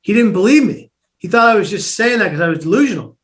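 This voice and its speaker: Appearing as an interview guest, a man tells a personal story with lots of animation, doing the voices of the people involved and frequently restarting sentences. His voice is high-pitched and his pace quick.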